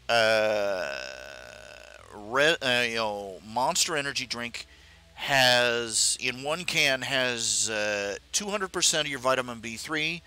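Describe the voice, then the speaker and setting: Middle-aged guy rambling on his stream, lots of uhs and restarts, bright voice. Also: medium pitch. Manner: halting, many fillers and restarts. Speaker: live stream host. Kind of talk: rambling casual live stream talk.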